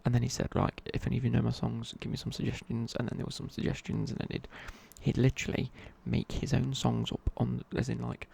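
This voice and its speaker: A man's voice: medium pitch, monotone, quick pace, vocal fry, hardly any pauses, a little mellow, slightly rough. A young man telling a rambling casual story in a whispered ASMR chat. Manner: rambling, casual, many fillers and restarts. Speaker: ASMR creator.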